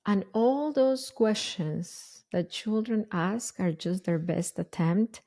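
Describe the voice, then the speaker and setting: A woman hosting a parenting podcast, explaining in an earnest, deliberate way with frequent restarts. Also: mid-range voice, warm tone. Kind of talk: conversational explanation.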